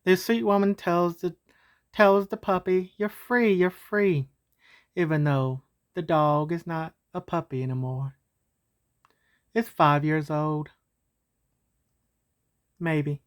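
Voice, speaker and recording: A woman's voice: sits low, takes it slowly, long pauses. A woman telling a homemade story in a casual, meandering way. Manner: casual, meandering, with fillers and restarts.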